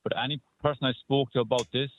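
A man calling a radio show from his car, insistent and halting with fillers, heard on a muffled phone line. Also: medium pitch, fairly even intonation, slight background noise. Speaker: caller.

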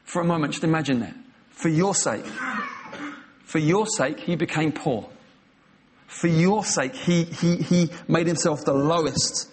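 A man delivers a sermon in an impassioned, emphatic voice that sits a little higher than most men's. He retells scenes vividly and leans hard on his key phrases. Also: unhurried, slight background noise. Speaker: preacher.

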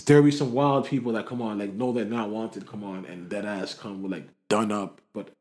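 A young man from the area, telling stories in a slangy, animated way during a casual chat. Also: fairly low pitch, fairly quick. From Toronto area, Canada.

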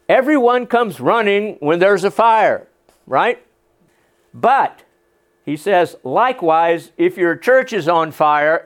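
Slow-speaking man preaching a sermon. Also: fairly high pitch. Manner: earnest, conversational preaching with asides. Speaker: pastor.

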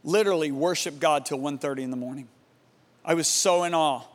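A man preaching a sermon, telling a story dramatically and dropping to a hushed, awed tone. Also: a little high, a little fast, big-room sound. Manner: dramatic, swings from loud emphasis to hushed awe.

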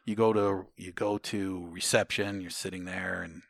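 Middle-aged man, low voice, profane and animated storyteller, dry close sound. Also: normal speed, gravelly, no echo. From Ohio, United States. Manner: profane, animated storytelling, shouts out drill sergeant lines. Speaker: interviewee, Army veteran. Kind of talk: casual storytelling interview.

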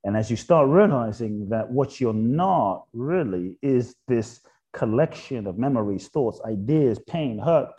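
In a reflective spiritual conversation, a male interview guest with a mid-range voice keeps posing rhetorical questions. On key points he drops his voice, going soft and slow.

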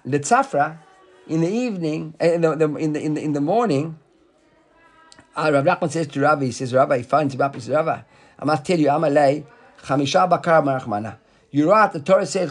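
Guy teaching talmud, kinda high voice, lively, acts out the rabbis, asks his student questions. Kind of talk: explaining a text in a study class.

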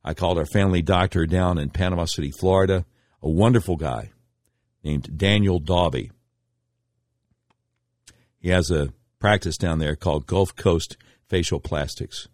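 A middle-aged man hosts a radio talk show with a fairly low voice. He tells his stories emphatically, with a tone of indignation and sharp swings of pitch. The recording is dry and close, with no room sound. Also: normal speed, pauses often, no echo. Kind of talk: political commentary monologue.

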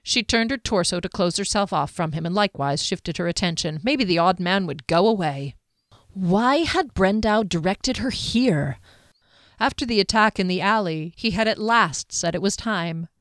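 A woman narrates a fantasy audiobook in a measured, even storytelling style, her pitch fairly low. The recording is dry and studio-clean.

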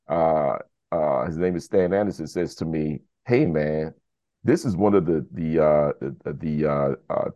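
This man from the United States has a rumbling low voice, heard in a lo-fi recording with no room sound. He's a podcast guest spinning a casual story, acting out what people said and leaning heavily on fillers like "you know."

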